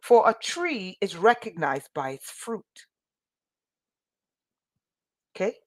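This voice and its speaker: A woman's voice: mid-range voice, big pitch swings, takes it slowly, a little mellow. A woman giving an online Bible lesson, passionate and emphatic, asking many rhetorical questions. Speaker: teacher of a spiritual school.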